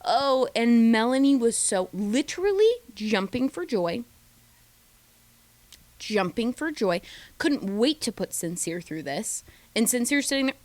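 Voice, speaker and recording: A woman recapping a reality dating show in a chatty, gossipy way, slipping into quick mimicked voices of the cast. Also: fairly high pitch, expressive, darkish tone, no echo. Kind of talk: casual recap commentary.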